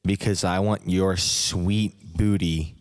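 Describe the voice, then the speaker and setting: Smug older politician, low and slow, played by a man, long echoey reverb. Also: steady tone, clear, resonant tone. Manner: slow, drawn-out delivery.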